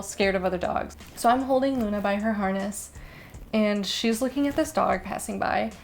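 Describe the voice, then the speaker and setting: Animated young woman vlogger telling a story. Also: mid-range voice. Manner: animated, breathless retelling with quick asides. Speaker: vlogger and dog owner. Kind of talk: casual storytelling to camera.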